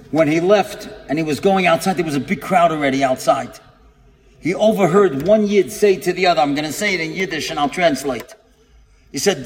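A man with a high voice preaches a story to a gathered audience. He tells it dramatically and acts out the people he quotes. The sound carries a long reverb from a large hall. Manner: dramatic storyteller, acting out quotes and building to emphatic peaks. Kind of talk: storytelling sermon.

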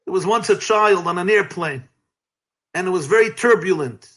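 A rabbi being interviewed, telling stories in a lively, emphatic way, sometimes breaking into shouts, with light laughs between phrases. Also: male voice, high voice, normal speed. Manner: lively, emphatic, bursts into shouting and chanted cries. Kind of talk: animated storytelling in an interview.

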